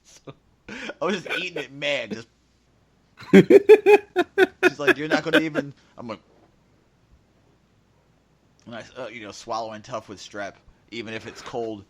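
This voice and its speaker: A man co-hosting a casual podcast, animated as he tells stories and acts out the dialogue, his voice still slightly raspy after a sore throat. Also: mid-range voice, moderate pace, long pauses. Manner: animated storyteller acting out dialogue. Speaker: podcast co-host.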